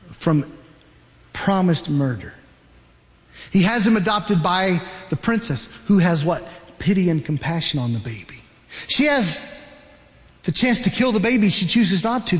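A man preaching a sermon, retelling a Bible story as an animated storyteller. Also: high-pitched, in a large hall. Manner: animated storyteller, acts out the characters.

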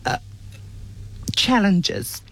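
A woman's voice: very slow, fairly bright tone. A woman interviewer asking a closing question, hesitant and searching for words.

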